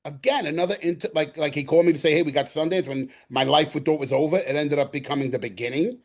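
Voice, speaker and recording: Brief: middle-aged Bronx-born man with a New York accent, guest on a podcast interview, animated storyteller who acts out every quote, voice pitched a little high. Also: fast. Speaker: guest actor.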